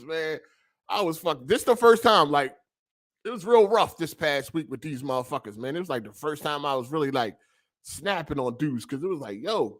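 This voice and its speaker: Man, young adult, high voice, podcast host, casual rant, heavy slang, lots of swearing. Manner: profane, animated, slangy ranting. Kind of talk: casual ranting monologue.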